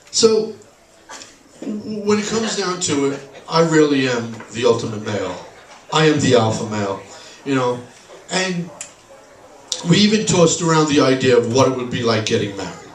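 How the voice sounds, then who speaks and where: A man performs stand-up in a bar, his slightly high voice delivering sarcastic, deadpan punchlines. The sound is echoey and taken from far off across the room. Faint bar noise sits underneath. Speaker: stand-up comedian. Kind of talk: stand-up comedy set. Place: bar stage, live room. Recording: echoey bar recorded from a distance.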